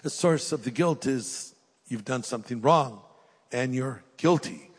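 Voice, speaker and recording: A man's voice: mid-range voice, a little slow, slightly rough. Older male pastor preaching in a reverberant hall. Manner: earnest, dynamic swings from loud urging to hushed prayer. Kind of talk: sermon with closing prayer. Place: large church auditorium with live audience.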